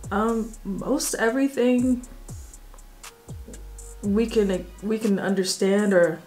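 A woman's voice: mid-range voice, fairly even intonation, takes it slowly, a little mellow, faint music behind. An American woman co-hosting a family Q&A, reading out viewer questions and answering them in an easygoing way. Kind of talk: casual Q&A chat.

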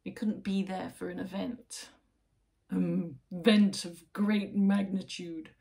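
Her voice is on the low side, warm and creaky, level in tone and slow. At home, lit by her computer, this tarot reader and channel host lays out cards to camera, chatty and emphatic, rambling and frequently interrupting herself mid-sentence.

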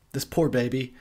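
A man's voice: medium pitch, darkish tone, breathy edge. A young man giving a tipsy, profane movie commentary, rambling and laughing at his own jokes. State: tipsy from beer.

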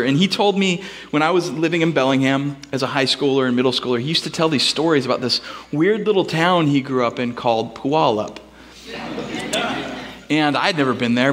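A man preaching a sermon in a church, telling a story with animated voices for the people in it. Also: long reverb tail. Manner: storytelling, animated, acts out characters with big pitch jumps. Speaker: pastor. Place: church sanctuary.

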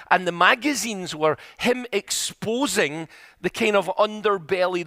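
A middle-aged male preacher delivers a sermon in an earnest, story-driven way, pressing his points home with repetition. His voice sits high for a man. The sound is close and dry, with little room echo. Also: fairly bright tone. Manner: earnest, storytelling, building to emphatic repeated points. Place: church.

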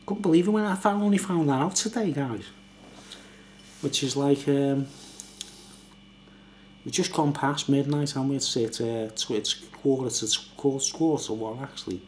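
A man's voice: medium pitch, moderate pace, pauses often, slight background noise. An older man, a little tipsy, rambling and laughing as he reviews a beer late at night at home. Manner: rambling, chatty, laughs often.

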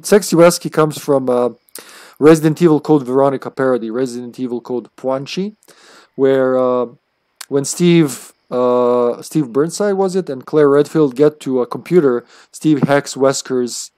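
A man's voice: mid-range voice, a little mellow, dry recording, clean studio sound. A man streaming a video game live, chatting casually in a rambling way and chuckling often between thoughts. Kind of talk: casual live-stream chat while playing.

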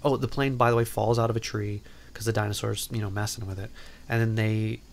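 A man's voice: fairly low pitch, little pitch movement, a little fast, vocal fry, a little hiss or hum. A man hosting a podcast, casually recapping a movie in a rambling way, full of "like" and "um," with playful asides. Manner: rambling, filler-heavy, lots of "like" and "um"; playful, self-interrupting asides. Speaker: podcast host.

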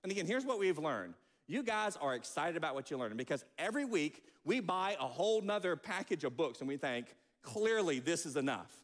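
A man preaching a sermon as pastor, animated and acting out quotes. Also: a little high, fairly quick, in a large hall. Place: church sanctuary.

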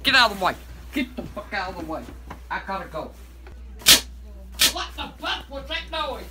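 A woman's voice: mid-range voice, very animated, normal speed, recorded from a distance, heavy background noise. An older woman, a grandmother at home, scolding and swearing nonstop in a cursing rant. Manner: foul-mouthed, scolding, swearing constantly. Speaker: grandmother being pranked. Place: at home indoors.

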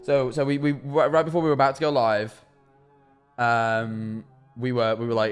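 A young man chatting on a live stream from his kitchen, telling a rambling, animated story and answering chat. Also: mid-range voice, normal speed, clear, resonant tone, faint music behind. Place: kitchen at home.

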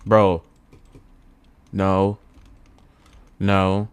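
A young man commenting casually on a video game at home, muttering low, then yelling when excited, repeating himself with lots of bro and man. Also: drawn-out words, smooth, dry recording. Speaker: gaming YouTuber. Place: at home indoors.

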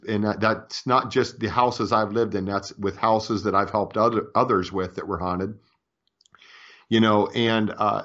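A man's voice: fairly low pitch, fairly bright tone. A man, a guest author, earnestly recounting paranormal experiences in an interview, often restarting his sentences. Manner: earnest, convinced, many restarts. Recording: dull lo-fi audio.

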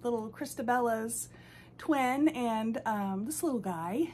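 Gushing, high-voiced American woman. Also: slow, slight background noise. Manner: gushing, excitable, lots of "oh my goodness"; baby talk to her dolls. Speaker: reborn doll channel host. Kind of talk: unboxing vlog chat.

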